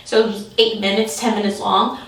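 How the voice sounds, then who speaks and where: A woman telling a comic story in an animated way, laughing often and acting out the voices of the people in it. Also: mid-range voice, moderate pace. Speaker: comedian. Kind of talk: storytelling comedy. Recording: echoey room, from a distance.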